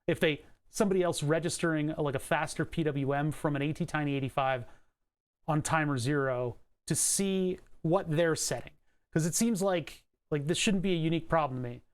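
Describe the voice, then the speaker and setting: On a coding livestream, a male streamer with a somewhat high voice talks fairly fast, commenting on electronics and code. He mutters to himself, swears, and chuckles as he goes.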